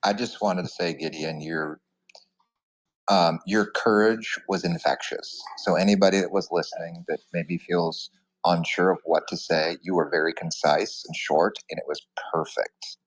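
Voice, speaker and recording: A man giving sincere, halting feedback with many fillers. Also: low-pitched, steady tone, no echo, poor audio.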